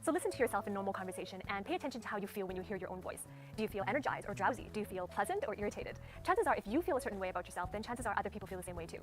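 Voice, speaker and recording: A woman's voice: medium pitch, lively intonation, racing. A woman giving a speaking lesson, methodically demonstrating tone and stress aloud. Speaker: speaking coach. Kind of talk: instructional talk. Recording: clear background music under voice.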